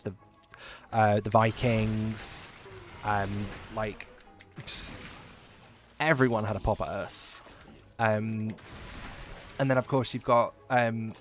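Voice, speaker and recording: A man from England with an English accent and a bit of Midlands, chatting casually and rambling while streaming a game, with frequent swearing. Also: lowish voice. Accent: English, with a touch of Midlands. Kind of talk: casual livestream chat while gaming.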